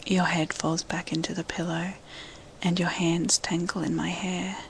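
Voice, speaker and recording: Slow, flat whispering woman, whispered role-play. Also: fairly low pitch, gravelly, slight background noise, poor audio. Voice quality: unvoiced whisper. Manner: slow, hushed, intimate first-person storytelling.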